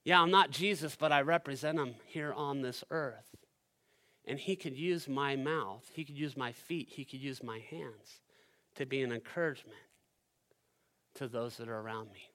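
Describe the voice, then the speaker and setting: A male pastor preaching a sermon at a church service, talking straight to the congregation and swinging from loud, driving passages to hushed ones. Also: mid-range voice, moderate pace. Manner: addresses the congregation directly.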